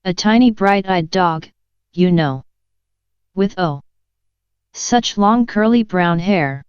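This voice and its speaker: A woman's voice: medium pitch, slow, smooth, no echo, lightly acted. A woman voicing a polite, chatty young girl in a storybook reading, rambling eagerly and apologizing. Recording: dull lo-fi dry recording.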